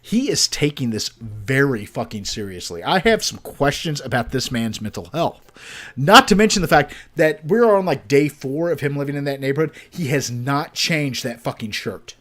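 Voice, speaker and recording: A man's voice: mid-range voice, big pitch swings, moderate pace, fairly bright tone. A man streaming a game, giving sarcastic, swearing gameplay commentary.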